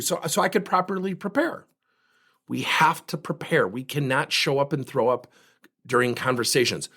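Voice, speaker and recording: A man's voice: mid-range voice, normal speed, husky. A middle-aged man hosting his own coaching podcast, talking emphatically and driving his points home to listeners. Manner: animated, emphatic, acts out quoted dialogue. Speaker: podcast host and leadership coach. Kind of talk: solo podcast monologue.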